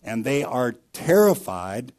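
Preaching slowly and in a very animated way, this pastor has a mid-range voice. He moves from loud, forceful outbursts to quiet dips, repeating important phrases for emphasis.

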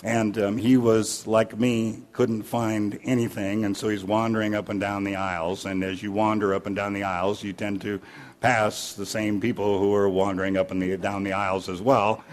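A man's voice: fairly low pitch, level tone, moderate pace. A man preaching a sermon in a folksy storytelling way, weaving jokes into scripture. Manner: folksy, anecdotal, with fillers and restarts. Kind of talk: sermon with humorous stories.

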